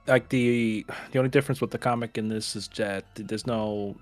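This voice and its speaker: A man co-hosting a casual review podcast, talking in a hesitant, halting way. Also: lowish voice, fairly even intonation, no echo, soft background music. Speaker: podcast co-host.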